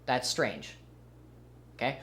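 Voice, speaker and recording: A man's voice: medium pitch, very animated, takes it slowly, fairly bright tone. A young man streaming and commenting casually, with a rambling, sarcastic manner. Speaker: livestreamer.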